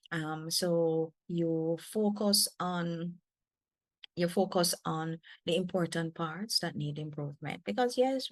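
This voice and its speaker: A woman faculty developer with a Jamaican accent, giving a lively training talk to teachers with emphatic, repeated phrases. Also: deep voice, no echo. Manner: animated, emphatic, repeats words.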